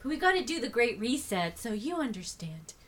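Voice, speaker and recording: A woman's voice: fairly high pitch, big pitch swings, a little fast, loud music behind the voice. A woman hosting a casual podcast chat, teasing her co-host and laughing often. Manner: teasing, giggly.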